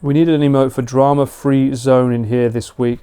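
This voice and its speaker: A man's voice: medium pitch, moderate pace, warm tone. A British man chatting casually and slangily with viewers on a live stream. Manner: chatty, laid-back, slangy.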